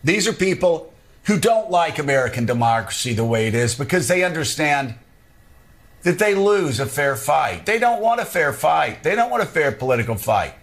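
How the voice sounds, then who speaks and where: A man's voice: on the high side, sing-song, normal speed. A man speaking earnestly and emphatically as a cable news panelist. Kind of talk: broadcast political commentary.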